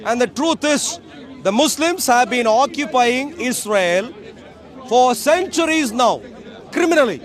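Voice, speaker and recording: A man with a strikingly high voice lectures passersby in an outdoor park. He hammers his points home through emphatic repetition. A faint murmur of the crowd hangs behind him. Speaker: street speaker. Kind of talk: open-air debate speech to passersby.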